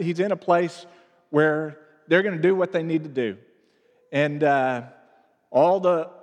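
Emotional pastor in a reverberant church. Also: male voice, high-pitched. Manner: emotional, halting, many restarts and fillers. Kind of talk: sermon. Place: church sanctuary. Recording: long reverb of a church hall.

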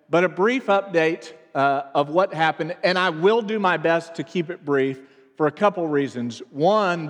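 A man in his thirties, a pastor speaking to his congregation in a halting, emotional way, with many restarts and fillers. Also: a little high. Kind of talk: sermon. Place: church sanctuary. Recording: long reverb of a church hall.

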